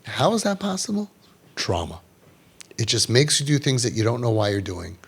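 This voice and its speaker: Man, animated, counsels parents, Hebrew and Yiddish phrases, mid-pitched voice. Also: normal speed, husky. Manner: animated, acts out quoted parents and kids in raised voices; sprinkles Hebrew and Yiddish religious terms. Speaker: parenting podcast host giving guidance. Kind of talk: passionate advice talk to parents.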